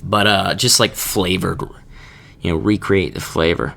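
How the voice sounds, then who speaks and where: Slow gravelly young man rambling. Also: deep voice, fairly even intonation, pushed and bright. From Kansas. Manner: rambling, jokey, laughs between thoughts. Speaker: podcast host. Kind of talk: casual solo podcast chat.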